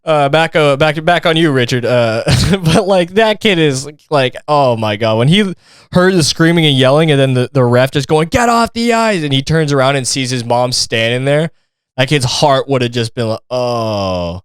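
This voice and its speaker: A man's voice: mid-range voice, moderate pace, clean tone, no echo, clean studio sound. A man hosting a podcast, reacting to videos in a casual, profane and mocking rant. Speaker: podcast host.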